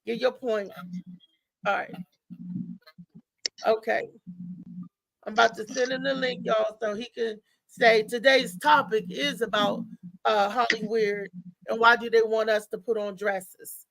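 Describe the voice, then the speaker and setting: A woman hosting a live morning show, chatting loosely and talking straight to her viewers. Her voice sits a bit high and sounds bright and gravelly. It is recorded close and dry, with no room sound. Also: fairly even intonation, unhurried, long pauses, dry recording, rough recording. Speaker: host. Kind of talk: casual live show chat.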